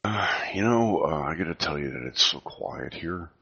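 A man in his fifties with a cold, talking softly and rambling with many fillers in a casual podcast chat over a video call. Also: rumbling low, animated, moderate pace, husky, lo-fi sound. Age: 50s. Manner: speaking softly, half whispering. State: has a cold. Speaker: podcast co-host.

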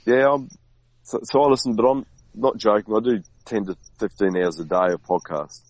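A man as a guest in a casual conversation, talking in a rambling, halting way with many restarts. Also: on the low side, a little mellow, no echo, low-quality recording. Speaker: podcast guest.

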